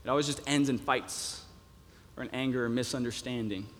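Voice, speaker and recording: A man's voice: medium pitch, steady tone, fairly quick, a bit bright. A young man preaching a sermon in a conversational way, with many fillers and restarts. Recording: long reverb of a hall.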